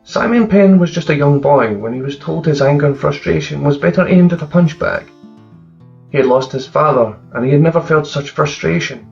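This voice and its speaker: A man narrating crime fiction in a steady, gravelly voice. The recording is slightly dull, and a faint guitar plays beneath him throughout. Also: a little high, distant mic. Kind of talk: dark crime fiction reading.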